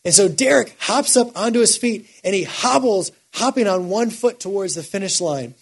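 In his sermon, an expressive preacher with a husky, high voice moves between quiet, measured lines and fervent, almost shouted climaxes before falling low once more.

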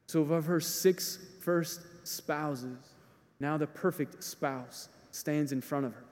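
A man preaching a sermon in a lively, animated way, acting out the voices of the people he quotes. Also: a little high, slow, big-room sound.

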